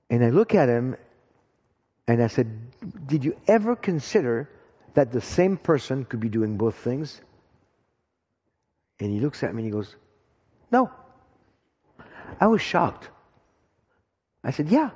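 A man speaking as a guest in a church, telling an animated, excited story and then praying. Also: mid-range voice, slightly rough. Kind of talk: testimony and prayer in church. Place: church hall. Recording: dull echoey hall sound.

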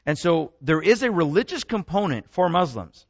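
A man's voice: a little high, sing-song, moderate pace, husky, no echo, dull audio. A man giving a rambling talk to an audience, often restarting words and breaking off into asides. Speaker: speaker. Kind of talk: lecture.

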